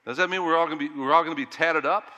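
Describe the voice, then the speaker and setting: Middle-aged pastor guy preaching, bright punchy voice, big echo in the church, gets loud then real quiet. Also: a little high, very fast. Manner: animated preaching that rises loud and drops to hushed. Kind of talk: sermon.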